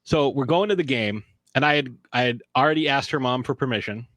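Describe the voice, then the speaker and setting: A man's voice: a little fast, no room sound. A man telling a long personal story on a podcast, acting out the quotes. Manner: animated storyteller, acts out quotes in high voices. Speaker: podcast guest. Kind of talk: casual storytelling.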